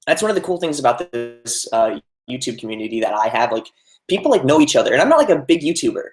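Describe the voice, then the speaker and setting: Young man, casual live stream chat, lots of "like", middle pitch, echoey room. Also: big pitch swings, fast, faint music behind. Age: young adult. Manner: chatty, reads out viewer comments, many "like" fillers. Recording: roomy echo.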